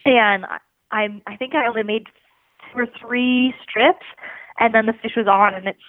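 A woman with a slightly high voice tells an animated story in casual, loose speech, leaning on "like" and swearing freely. She comes through a narrow, phone-like line with a dry, close sound and no room around her. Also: normal speed, no room sound.

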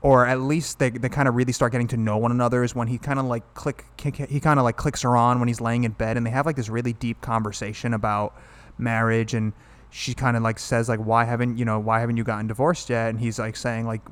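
Man, casual film chat, rambling, lots of "like", mid-pitched voice, retells scenes. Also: flat delivery, quick pace, clean tone. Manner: rambling, heavy use of "like", retells scenes with quoted dialogue. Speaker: film review podcast co-host.

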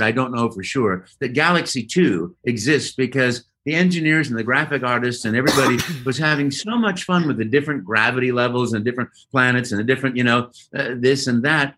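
A man, a voice actor guest on an interview show, telling stories in an animated way with playful sound effects. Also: medium pitch.

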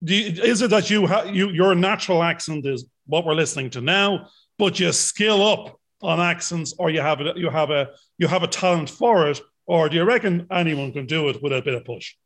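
A man's voice: a little high, brisk, a bit bright. A man in his fifties, co-hosting a casual chat, rambling and self-deprecating. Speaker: podcast co-host.

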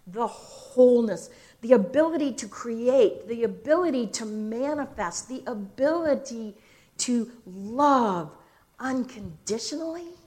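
Older woman minister, unhurried sermon delivery, dramatic pauses, slightly high voice. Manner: slow, expressive storytelling with dramatic pauses.

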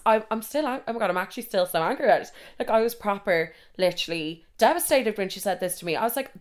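A young Irish woman telling stories casually, animated and swearing freely, acting out the people she quotes. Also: mid-range voice, fairly quick. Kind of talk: casual storytelling monologue.

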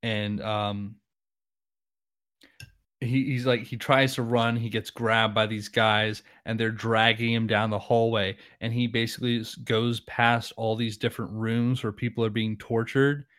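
A man's voice: lowish voice, little pitch movement, measured pace, a bit bright, no room sound, clean studio sound. A man casually discussing a horror film, retelling scenes with lots of fillers.

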